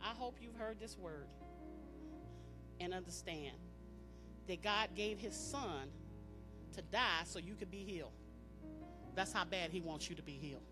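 At a church service with music in the background, a woman preaches in a lowish voice, a little slowly and with frequent pauses. She is emphatic, repeats phrases, and calls on the congregation to respond.

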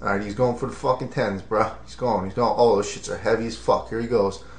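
A man's voice: fairly low pitch, steady tone, fairly quick. Foul-mouthed mocking male commentator. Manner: profane, mocking and hyped. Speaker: comedic commentator. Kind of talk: mock sports commentary over video. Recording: roomy echo.

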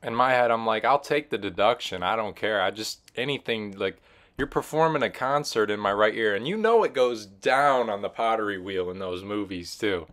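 Young man, low voice, casual comic vlogger, rambling, lots of fillers. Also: lively intonation, moderate pace, a bit bright. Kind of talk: casual comedic storytelling.

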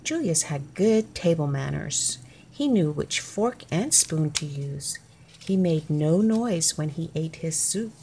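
Low-voiced woman reading a picture book. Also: lively intonation, warm tone, a little hiss or hum. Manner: clear, deliberate. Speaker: storybook reader. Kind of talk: children's book read-aloud.

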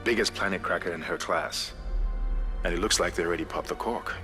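A man voicing a confident male spaceship commander giving brisk orders. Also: low-pitched, in a large hall, over music, natural voice. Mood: commanding. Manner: brisk, authoritative.

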